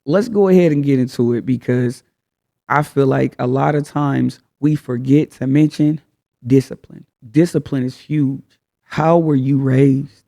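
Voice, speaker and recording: A man's voice: medium pitch, measured pace, vocal fry, dark tone. A man hosting a casual advice talk, speaking frankly in slang and firing off rhetorical questions. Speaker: host.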